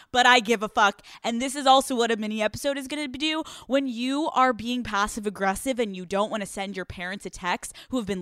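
A woman's voice: fairly high pitch, a bit bright, clear, resonant tone, no echo, studio quality. A young woman from Pennsylvania hosting a podcast, rambling through a crude comedic monologue, swearing freely and laughing often. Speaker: podcast host.

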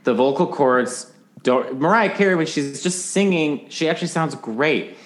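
A man's voice: fairly high pitch, expressive, normal speed. A man as a podcast guest in casual chat, animatedly explaining singing technique and breaking into sung examples.

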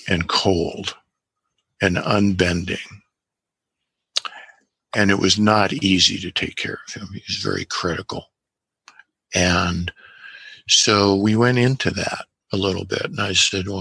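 Calm male guest, deep and gravelly, measured case-history storyteller. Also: no echo. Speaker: guest practitioner of guided imagery. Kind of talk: telling a patient case history.

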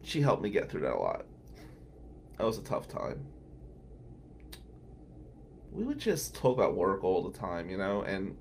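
A man with a fairly low voice and vocal fry tells casual, rambling anecdotes, chuckling between remarks, with slight background noise. He is a criminal defense lawyer and podcast host from Atlantic City, New Jersey.

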